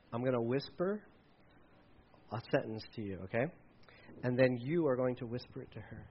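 A man's voice: mid-range voice, lo-fi sound. A man preaching from a church stage with a mic, talking casually and often repeating words. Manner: conversational, repeats words, quick asides. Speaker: pastor. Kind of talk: sermon with children's object lesson. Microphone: handheld or headset mic.

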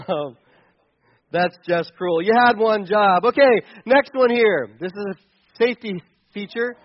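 A man's voice: high-pitched, animated, a little slow, no room sound, dull audio. A man giving sarcastic, exasperated comedic commentary on pictures, chuckling as he goes.

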